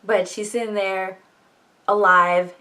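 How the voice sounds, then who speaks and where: A woman's voice: medium pitch, little pitch movement, takes it slowly, pushed and bright. A woman talking casually as she recaps and reviews a book, full of fillers, jokey asides and swearing. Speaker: book vlogger.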